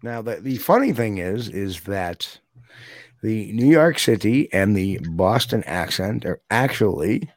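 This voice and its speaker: A chatty man with a low, dry voice. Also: lively intonation, measured pace, no room sound. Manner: chatty, laughs often, slips into playful accent impressions. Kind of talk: casual chat.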